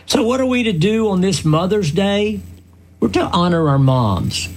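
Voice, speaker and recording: A man's voice: high-pitched, lively intonation. An older man hosting a radio commentary, telling stories in an earnest, folksy way. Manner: slow, earnest, folksy storytelling.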